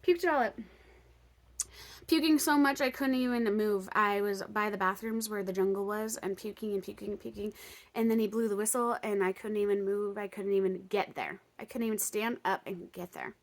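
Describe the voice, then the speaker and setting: A young woman vlogger telling a story casually, chatty with lots of fillers, dropping to whispers and bursting into excitement. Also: medium pitch, moderate pace. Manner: chatty, lots of "like" and "um", swings between excited outbursts and hushed whispers.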